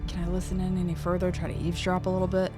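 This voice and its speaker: Woman player, lowish voice, careful and asking lots of questions, faint music. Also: monotone, racing. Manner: cautious, asks questions. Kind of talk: casual tabletop play.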